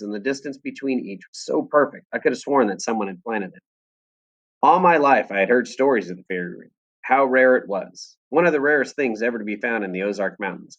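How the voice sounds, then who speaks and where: A man's voice: mid-range voice, highs cut off. A man reading a first-person novel aloud to a class in a classroom, telling the story expressively. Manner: expressive storytelling with lively voices.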